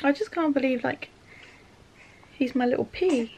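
High, gravelly-voiced young woman. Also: unhurried, a little mellow, a little hiss or hum. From England. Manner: chatty and emotional, laughs often. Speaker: vlogger. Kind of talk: casual vlog chat. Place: home.

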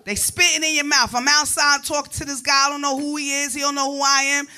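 A woman performing stand-up comedy on a club stage, telling animated stories that break into shrieks and laughter. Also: sits high, fast talker, faint music behind.

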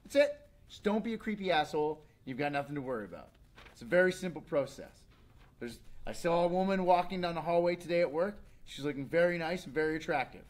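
A man in his thirties hosting a casual comedic rant, animated and slipping into mocking voices. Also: on the high side, quick pace. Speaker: show host.

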